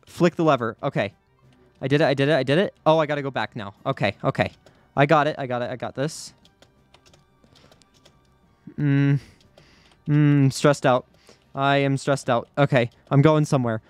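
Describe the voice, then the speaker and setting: A man's voice: mid-range voice, normal speed, pauses often, dry recording, faint music behind. Anxious man narrating his own gameplay. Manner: anxious, repeats himself under pressure. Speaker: gaming YouTuber. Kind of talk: live gameplay commentary.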